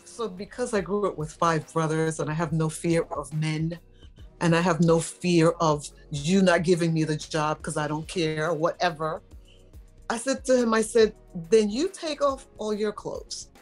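Middle-aged woman from new york, chatty and animated, tells her stories with quoted voices, light music in the back. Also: low voice, moderate pace. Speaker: model, interview guest. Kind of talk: casual interview storytelling.

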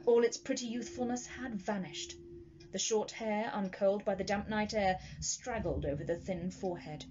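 A woman from Sheffield narrates a classic ghost story in a measured, dramatic way. Her voice sits in a middling register. The recording is slightly dull, with a faint hiss behind it. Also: mid-range voice, darkish tone. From Sheffield, England.

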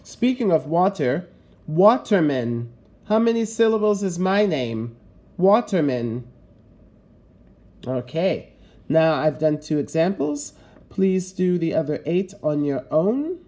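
Slow, mellow-voiced male teacher. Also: high-pitched, expressive. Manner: patient, step-by-step instruction. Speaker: grade 5 teacher. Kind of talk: recorded classroom lesson.

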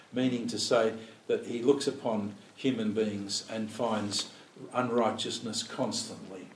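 A man's voice: lowish voice, fairly even intonation, a little slow, few pauses, slight background noise. A man leading an informal Bible study. He thinks aloud, poses rhetorical questions and acts out quoted prayers. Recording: roomy, distant mic, faint room ambience.

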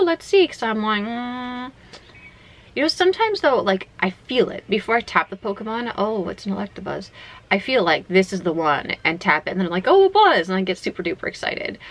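Chatty woman with a gravelly voice. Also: mid-range voice, rough recording. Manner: chatty, excitable, talks to herself. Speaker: vlogger. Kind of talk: casual gaming vlog.

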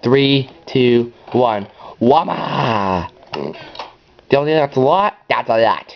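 A man hosts his own gameplay channel, rambling through casual commentary in a mid-pitched voice. He gets excitable and jumps up into high yells. The recording sounds dull and lo-fi. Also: unhurried, a little hiss or hum.

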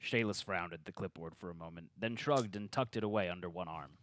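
A man's voice: low voice, brisk, fairly bright tone, no echo. A man reading the narration at a tabletop game table read and joking with the other players.

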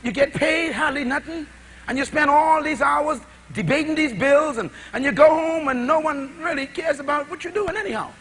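A middle-aged man preaching a sermon, with dramatic swings between shouted lines and hushed asides, full of rhetorical questions. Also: extremely high pitch, moderate pace.

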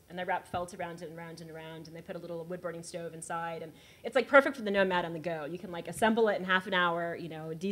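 A woman from Texas, a writer on a discussion panel, telling an anecdote in an animated way with laughter. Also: on the low side. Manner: animated, laughing, acts out quoted voices.

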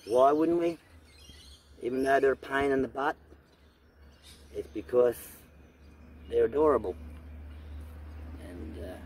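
A man's voice: medium pitch, slow pace, long pauses, darkish tone, breathy edge, poor audio. A middle-aged Australian man vlogging casually outdoors on his farm, rambling earnestly with many fillers and restarts. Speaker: homestead vlogger. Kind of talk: casual talk to camera. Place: outdoors on a farm among goats.

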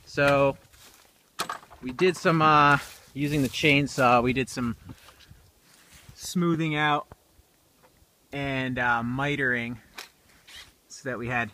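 Young man, mid-pitched, casual DIY vlogger on camera mic outdoors, soft background hiss. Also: slow, pauses often. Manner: relaxed, rambling with fillers. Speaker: DIY video maker. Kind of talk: casual on-site explanation. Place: outdoors on rural land.

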